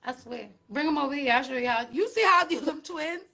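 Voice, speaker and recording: A woman hosting a casual live-stream chat, talking in an emphatic, profane, reassuring way with big swings in pitch. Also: animated, quick pace, pushed and bright. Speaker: host. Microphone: phone.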